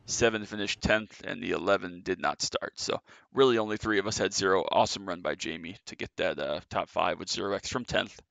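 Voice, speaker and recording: A man's voice: low-pitched, steady tone, brisk, vocal fry, hardly any pauses, fairly bright tone, dry recording. A man giving casual, chatty commentary on his own sim race, a little out of breath. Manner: chatty, filler-heavy, self-correcting. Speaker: sim racing streamer.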